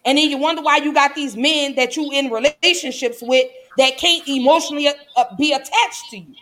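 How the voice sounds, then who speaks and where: Emphatic woman vlogger, fairly high voice. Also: normal speed, a bit bright, slight background noise. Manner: emphatic, preachy, colloquial. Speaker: vlogger and mother. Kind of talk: impassioned commentary.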